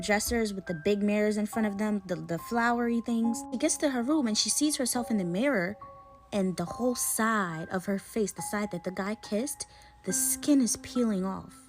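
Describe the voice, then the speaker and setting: A young woman casually retelling a creepy story in a chatty, slangy way, with dramatic pauses. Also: mid-range voice.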